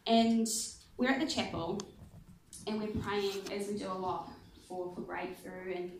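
A woman telling a humorous testimony in a sermon, in an animated storytelling way and laughing often. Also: mid-range voice, measured pace, echoey room, background noise. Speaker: guest speaker.

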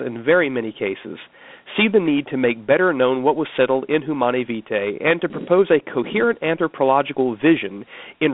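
A man's voice: mid-range voice, no room sound. Male host, wry, reads passages aloud, narrow phone-like audio. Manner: wry, laughs easily. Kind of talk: talk show hosting, reading excerpts aloud.

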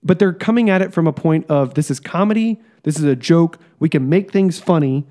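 A man co-hosting a casual podcast chat, ranting in a profane, animated way. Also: on the high side, fairly quick. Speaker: podcast co-host.

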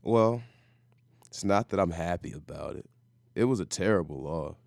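Male co-host, very low voice, calm and measured, dry studio. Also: creaky, no echo. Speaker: sports show co-host. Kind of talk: casual sports talk.

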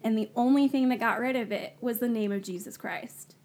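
A woman, a guest on the show, telling her personal story in a casual, animated way, acting out the dialogue she quotes. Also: a little high, brisk. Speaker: guest sharing her testimony.

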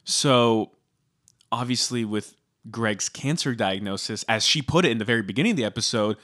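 Man, podcast co-host, casual chat, conversational, mid-pitched voice. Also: moderate pace, fairly bright tone. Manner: conversational, plugs the show.

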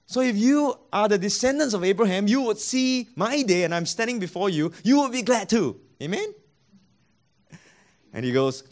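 A man delivers a sermon, voicing every side of the dialogues he retells. His voice sits high and swings widely in pitch. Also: moderate pace. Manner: animated, acts out both sides of dialogues. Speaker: pastor.

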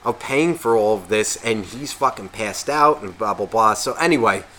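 A man co-hosting a podcast, telling a story in a casual, profane, animated way and acting out quotes. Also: lowish voice, normal speed. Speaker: podcast co-host.

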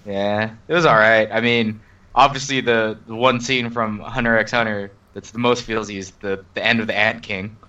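A man's voice: fairly low pitch, fairly even intonation, normal speed, far from the mic, highs cut off. A young man in a casual chat, making short quips and teasing asides. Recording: bright voice from off the mic.

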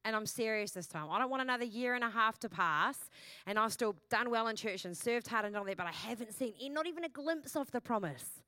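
A woman pastor delivers a sermon in a bright, forceful voice pitched a little high. She is lively and chatty, throws in self-mocking asides and keeps asking the congregation questions. The sound is close and dry. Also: fairly quick, no room sound.

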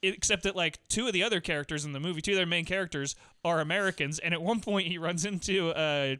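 Quick bright guy on a movie podcast, rambling and riffing, dry close mic. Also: high-pitched, clear, resonant tone, no echo. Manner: rambling, restarts, mimics actors' lines. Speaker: podcast co-host. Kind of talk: casual movie-review chat.

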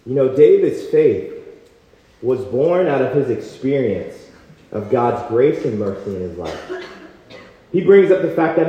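A young man preaching a passionate sermon at a campus retreat, telling a personal story with lively quoted voices. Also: mid-range voice, a little slow, pauses often. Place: large hall at a retreat. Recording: echoey hall, dull sound.

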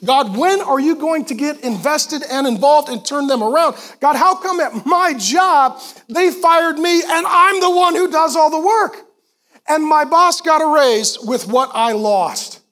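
A pastor preaching a sermon to a congregation in a church, animated and emphatic, with quick asides to the crowd. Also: male voice, extremely high pitch. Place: church auditorium before a congregation.

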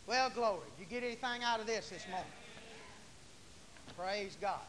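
A male Pentecostal preacher, folksy and fiery, preaching a sermon in church and shouting hallelujahs. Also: high voice, moderate pace. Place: church sanctuary. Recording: long church reverb, faint hiss.

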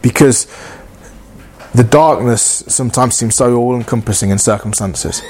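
A man's voice: mid-range voice, moderate pace, a little mellow. A man preaching a sermon in an earnest, conversational way, often acting out inner dialogue and repeating phrases.

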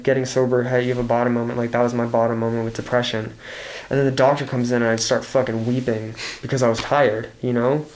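A man's voice: medium pitch, darkish tone. Podcast guest, man in his twenties, candid, rambling, lots of restarts. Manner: rambling, swears freely, many restarts. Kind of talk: candid casual conversation.

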